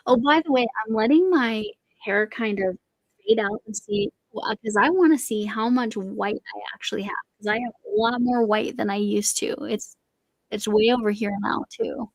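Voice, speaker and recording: Gravelly-voiced chatty woman host. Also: fairly high pitch, normal speed, dry recording, low-quality recording. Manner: rambling, chatty, trails off and restarts. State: voice slightly going. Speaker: crochet livestream host. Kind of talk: casual chat while crocheting.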